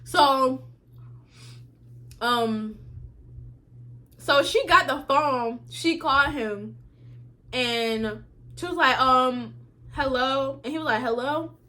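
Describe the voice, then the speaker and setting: A young woman vlogger telling a casual storytime, slangy and animated, acting out what others said. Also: high-pitched, slow, long pauses. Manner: animated, slangy, acts out quotes.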